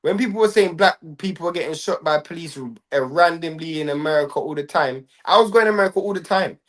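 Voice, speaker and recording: A man's voice: a little high, quick pace, fairly bright tone. A man, co-hosting a heated casual debate, dismissive and slangy, often restarting his sentences. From England.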